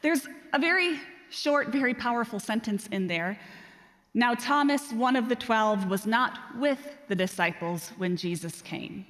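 A woman's voice: on the high side, unhurried. Woman preacher in a reverberant hall. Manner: self-deprecating storytelling, animated. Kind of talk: sermon.

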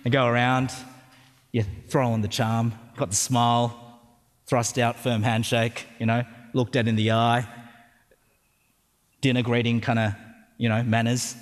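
A man's voice: medium pitch, level tone, unhurried, pauses often. A man with an Australian accent preaching a sermon, conversational and joking, often checking in with the crowd. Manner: conversational and humorous, with frequent tag questions. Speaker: pastor. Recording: long hall reverb.

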